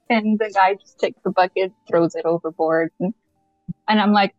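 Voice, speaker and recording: A woman from Canada, a podcast guest telling a lively story with frequent laughter and acted-out dialogue. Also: medium pitch, normal speed, dry recording. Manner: animated, laughs often, acts out dialogue. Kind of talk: casual anecdote telling. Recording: muffled lo-fi, faint music.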